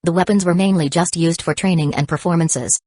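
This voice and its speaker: Brief: female audiobook narrator, deep for a woman, steady delivery, dry booth sound. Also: brisk, no echo. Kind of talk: scripted narration.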